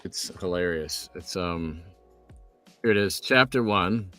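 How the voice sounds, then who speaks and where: A man's voice: low voice, animated, slow pace, bright, forceful tone, soft background music. A man chatting casually, breaking off and restarting his sentences as he talks. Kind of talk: casual chat.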